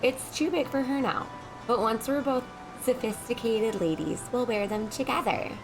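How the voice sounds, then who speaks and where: A woman's voice: on the high side, moderate pace, gravelly, over music, rough recording. A woman reading as a feisty little girl. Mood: cheerful. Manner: reading game dialogue aloud in a lifted voice. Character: spirited little girl, bossy and sweet.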